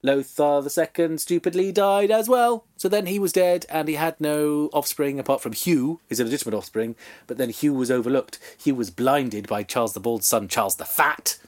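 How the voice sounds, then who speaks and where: A man's voice: fairly high pitch, normal speed, darkish tone. A man co-hosting a comedy podcast, telling a history tale with fillers and playful asides. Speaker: podcast co-host telling a story. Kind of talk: comedic history storytelling chat.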